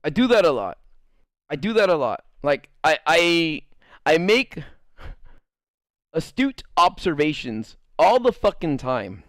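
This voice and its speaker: A man's voice: fairly high pitch, very animated, slow pace, long pauses, dry recording, clean studio sound. A man streaming live, telling rambling stories to his chat and acting out quotes in jumping voices, with a lot of swearing. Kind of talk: casual storytelling to live chat.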